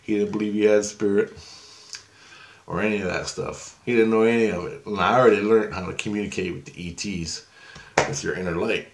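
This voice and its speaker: A man's voice: fairly low pitch, fairly even intonation, a little fast, creaky, slight background noise. A middle-aged man telling a personal story in a loose, rambling, chatty way, with slang and swearing. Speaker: storyteller recounting a past experience.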